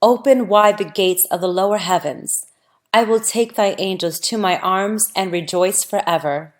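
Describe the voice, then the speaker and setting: A woman's voice: mid-range voice, moderate pace, lightly acted. A woman voicing a fervent male worshipper in a scripture audiobook. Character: man, eager worshipper, joyful.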